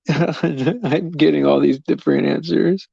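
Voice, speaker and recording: A man with a mellow, gravelly voice chats loosely with viewers on a live stream, meandering between thoughts and chuckling often. The sound is dry and close, with slightly dull, lo-fi stream audio. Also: a little high, slow, dry recording. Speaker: livestream host.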